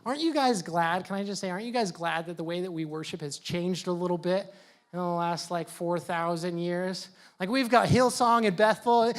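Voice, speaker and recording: A youth pastor preaching to young people in a casual, joking, conversational way. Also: male voice, high voice, a little fast. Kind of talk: youth sermon.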